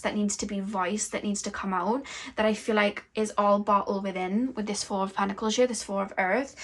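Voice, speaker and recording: Woman, tarot reader, spiritual channeling, rambling delivery, steady mid pitch, little melody. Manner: flowing, rambling, many fillers. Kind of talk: intuitive tarot reading.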